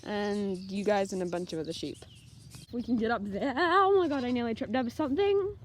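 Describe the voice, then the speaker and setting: Her voice on the high side with lively intonation and a brisk pace, a young woman from New Zealand vlogs casually from a paddock with a handheld camera, giggling at the lambs. The outdoor recording has a little hiss or hum, plus the bleating of sheep and lambs all around.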